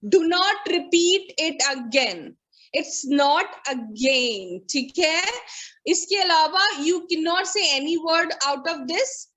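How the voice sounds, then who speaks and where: A woman with an Indian English accent teaching pronunciation in an online class over a video call, drilling words slowly, repeating them and checking that students follow. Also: very high voice, a bit bright, poor audio.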